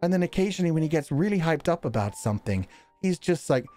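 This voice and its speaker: Man, live streamer, casual donation-reading chat, bouncy and expressive pitch, quiet music underneath. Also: fast talker. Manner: animated and rambling, laughs often.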